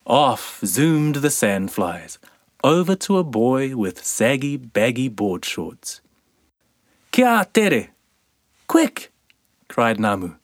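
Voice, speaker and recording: Picture-book reader, mid-pitched, very slow and expressive, dry close sound. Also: dry recording. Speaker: storybook reader. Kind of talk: children's picture book read-aloud.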